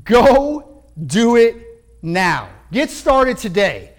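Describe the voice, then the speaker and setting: A man acting out God as an impatient commander, giving brisk orders that repeat, inside a sermon. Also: very high voice, big pitch swings, exaggerated voice. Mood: insistent.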